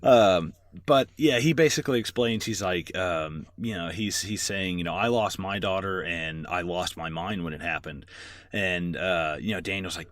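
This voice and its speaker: A man's voice: low voice, moderate pace, fairly bright tone, dry recording. A man co-hosting a casual movie podcast, rambling through plot recaps with lots of fillers and swearing. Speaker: podcast co-host.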